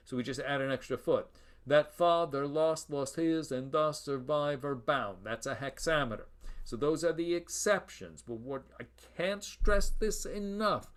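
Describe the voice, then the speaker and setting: A middle-aged man giving a classroom lecture, explaining step by step with emphasis and tapping out rhythms aloud. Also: mid-range voice. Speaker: university lecturer.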